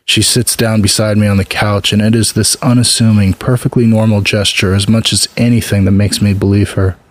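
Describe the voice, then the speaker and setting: Low-voiced guy reading a story, quiet and even, dry sound. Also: a little fast, hardly any pauses, no echo. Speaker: narrator. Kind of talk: first-person story reading.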